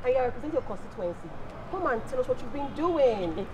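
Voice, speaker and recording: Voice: high-pitched, fast talker, lo-fi sound, background noise. A performer with a Nigerian accent playing a cheeky young aide who teases his boss in a stage play skit. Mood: teasing. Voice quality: animated, teasing, then pleading.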